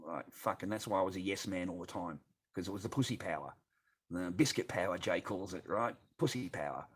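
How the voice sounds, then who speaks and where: A middle-aged Australian man with a fairly low voice, chatting on a livestream. He rambles in a bitter, profane way and swears in nearly every sentence. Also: brisk, breathy edge. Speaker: livestreamer reading chat. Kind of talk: casual rambling livestream chat.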